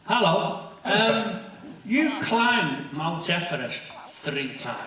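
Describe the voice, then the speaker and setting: A man in the audience slowly asking a question at a convention panel, heard in an echoey hall from far off. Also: high voice, very animated, sharp tone.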